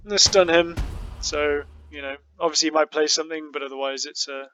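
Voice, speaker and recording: A man's voice: on the high side, steady tone, fairly quick, bright, forceful tone, muffled recording, faint music behind. A man giving casual, rambling commentary over his card game matches, often joking at his own expense. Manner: rambling, self-mocking, many fillers.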